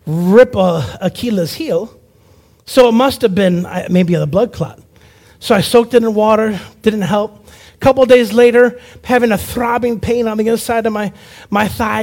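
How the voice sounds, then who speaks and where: Brief: man with a very high voice, preacher giving a lively testimony, acts out the voices in his story. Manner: animated storyteller who acts out quoted voices. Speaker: preacher and evangelist. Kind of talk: personal testimony sermon.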